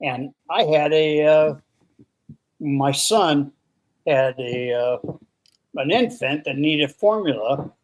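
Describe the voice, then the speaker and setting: An older man, a retired police captain, talking as a guest in a casual chat, halting and full of fillers. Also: a little high, dull audio. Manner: halting, many fillers and restarts.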